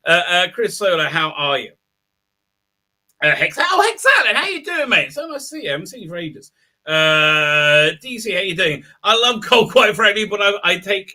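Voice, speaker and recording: A middle-aged man hosting a live stream, greeting viewers and rambling excitedly, with loud outbursts of delight. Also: sits high, normal speed. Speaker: livestream host. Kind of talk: live stream chat, reading viewer comments.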